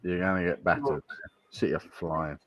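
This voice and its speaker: Stand-in stream host: man, low-ish voice, easygoing banter with viewers. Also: steady tone, normal speed, a little hiss or hum. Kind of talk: casual pub chat, reading viewer comments.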